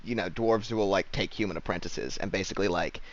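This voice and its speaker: A man's voice: sits low, quick pace, muffled recording. A man running a tabletop game as game master, explaining things in a loose, rambling way.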